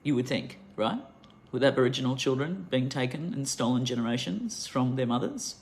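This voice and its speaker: Australian woman, middle-aged, angry rant, emphatic, impassioned monologue to camera, animated pitch. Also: normal speed. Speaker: vlogger.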